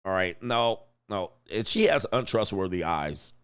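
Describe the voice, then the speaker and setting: A man's voice: on the low side, expressive, unhurried, fairly bright tone, clear, resonant tone. A man hosting a livestream reaction commentary, talking in a blunt, mocking way and chuckling often. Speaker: commentary host.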